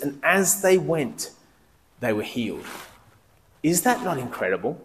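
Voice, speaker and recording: A man preaching a sermon in a lively, conversational way, asking the congregation questions as he goes. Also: medium pitch, unhurried, long pauses, slight background noise. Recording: long reverb of a large hall.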